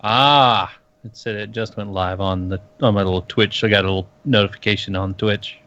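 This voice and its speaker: Low-voiced joking man co-host. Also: steady tone, moderate pace, fairly bright tone, dull audio. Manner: joking, laid-back, playful banter. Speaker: podcast co-host. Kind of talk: casual podcast chat.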